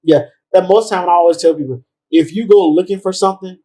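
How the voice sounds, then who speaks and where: A man co-hosting a podcast, talking in relaxed casual chat, animated and repeating himself for emphasis. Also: high-pitched, fast, low-quality recording. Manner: animated, repeats himself, mock-scolding voices. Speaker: podcast co-host.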